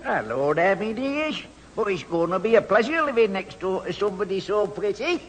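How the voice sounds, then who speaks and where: A cheery old grandad. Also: male voice, high voice, sing-song, moderate pace, slight background noise. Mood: jovial. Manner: folksy, good-humoured. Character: cheery old man over eighty. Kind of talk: 1970s radio comedy acting. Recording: old radio recording, hall reverb.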